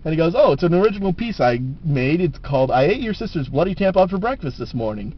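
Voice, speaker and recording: A man's voice: fairly high pitch, big pitch swings, fast. A man telling jokes casually to the camera, laughing at his own punchlines, on a dull lo-fi camera recording.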